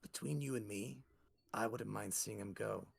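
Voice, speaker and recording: A man's voice: mid-range voice, expressive, moderate pace, vocal fry. Male GM voicing a sly, jittery gator in a tabletop game; conspiratorial, stammers. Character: nervous scheming male gator in a swamp.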